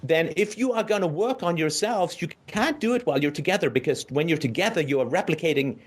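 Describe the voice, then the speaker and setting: A man hosting a call-in show, giving blunt, forceful advice to a caller in an emphatic lecture full of profanity and vivid imagery, often checking in with "right?". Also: on the high side, lively intonation, fast.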